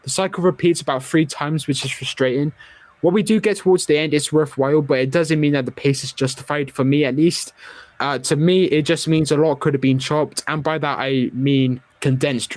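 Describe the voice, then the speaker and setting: A man's voice: a little high, no echo. A young man hosting a casual film review podcast, opinionated and chatty. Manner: opinionated, chatty with filler words. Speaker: podcast host.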